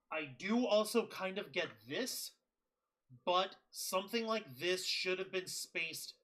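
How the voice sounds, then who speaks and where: High bright-voiced incredulous man. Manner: incredulous, profane, quick questions. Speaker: podcast co-host. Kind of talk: casual wrestling review chat.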